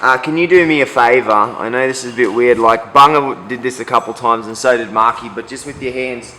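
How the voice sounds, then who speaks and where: A male interviewer asks his guest a favour in a polite, hesitant way, speaking from a distance from the microphone. His voice is fairly bright. A long reverb and a faint background hiss surround him. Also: medium pitch, fairly quick.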